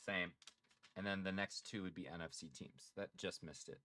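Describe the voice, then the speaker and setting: A man's voice: sits low, normal speed, sharp tone. A man co-hosting a casual sports chat on a live stream, laid-back and teasing, calling people dude and brother. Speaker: sports show co-host.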